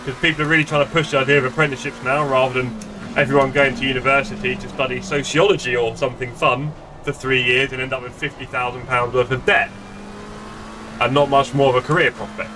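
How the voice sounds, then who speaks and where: There's background noise as a middle-aged man streams sim racing from home, his mid-range voice picked up by a desk streaming mic in his gaming room. He talks casually and self-deprecatingly with viewers, rambling as he goes.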